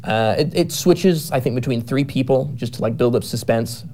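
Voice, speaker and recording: A man's voice: mid-range voice, normal speed, warm tone, a little hiss or hum. A man in casual conversation, describing the plot of his novel in a rambling way, with many fillers and self-corrections. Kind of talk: casual chat.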